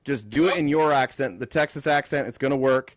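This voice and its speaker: A man hosting a live call-in political talk show, speaking casually, joking and thinking out loud as he reads the news. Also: medium pitch, brisk, no echo, clean studio sound. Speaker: host.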